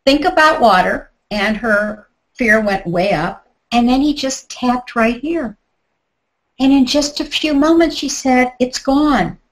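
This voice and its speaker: A woman's voice: fairly high pitch, slow, low-quality recording. A middle-aged woman teaching a tapping technique in a live online workshop, chatty and guiding step by step with asides. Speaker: tapping instructor.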